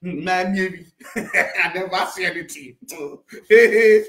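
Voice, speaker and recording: A man with a Nigerian accent telling a comic rant, animated, mixing Pidgin and local languages and bursting into shouts. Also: high-pitched, takes it slowly. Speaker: comedic storyteller. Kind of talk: comic rant sharing gossip. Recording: roomy echo.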